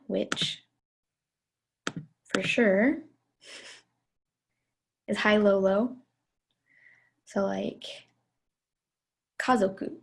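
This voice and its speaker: A woman's voice: mid-range voice, creaky, slightly rough. A young woman, a student presenter, answering questions about her research with many fillers and self-corrections. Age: young adult.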